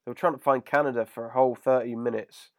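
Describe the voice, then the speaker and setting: A man co-hosting a casual chat, recapping an episode in a relaxed, filler-heavy way. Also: mid-range voice, quick pace, dry recording, clean studio sound. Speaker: podcast co-host.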